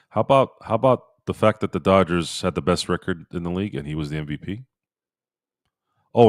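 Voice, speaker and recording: A middle-aged man hosting a casual sports live-stream, excitable and animated, answering viewers in chat. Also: low-pitched, no echo, studio quality. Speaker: sports podcast host.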